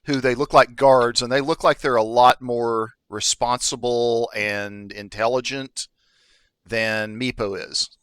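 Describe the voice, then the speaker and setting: A man runs a tabletop game, describing scenes in an easygoing, stop-and-start way. His voice is bright and forceful. The sound is dry and close. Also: medium pitch, clean tone, dry recording. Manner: relaxed, halting narration with fillers. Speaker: dungeon master.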